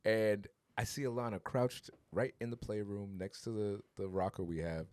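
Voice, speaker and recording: A man's voice: lowish voice, fairly even intonation, moderate pace, darkish tone, no echo. A man co-hosting a podcast, telling stories in a casual conversation and driving points home through repetition. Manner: storytelling, emphatic repetition. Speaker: podcast co-host.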